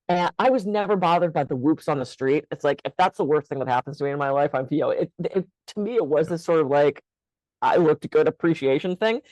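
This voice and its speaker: A woman's voice: lowish voice, a little mellow, no echo, low-quality recording. An older woman in casual podcast conversation, candid and frank, telling stories with laughter. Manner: candid, storytelling, laughs often.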